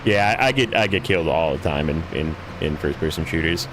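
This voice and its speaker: A man's voice: a bass voice, brisk, noisy background. A man hosting a gaming livestream, chatting casually with viewers in a rambling, self-deprecating way while he plays.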